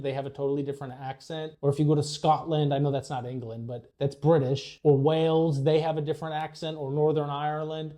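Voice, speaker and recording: A man giving an English lesson straight to camera, blunt and emphatic as he lays out firm opinions. His voice is fairly high for a man, with a mellow, dark tone. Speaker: English teacher.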